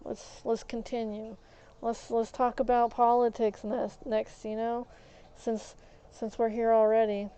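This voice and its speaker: A woman's voice: on the high side, level tone, unhurried, warm tone, slight background noise, rough recording. A woman streamer venting while playing a game, emphatic and frustrated, often repeating words.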